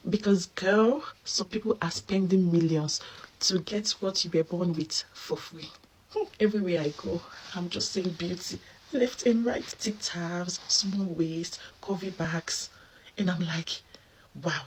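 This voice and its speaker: A woman's voice: on the low side, fairly bright tone, slightly rough, poor audio. A Nigerian woman with a Nigerian accent, chatting in a casual social media video and often exclaiming, amused.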